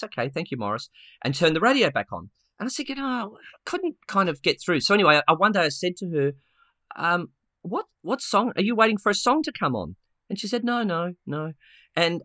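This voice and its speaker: Bright, animated male podcast storyteller. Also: on the high side, dry recording, clean studio sound. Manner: animated, acts out quotes, many restarts. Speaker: podcast co-host. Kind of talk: casual storytelling.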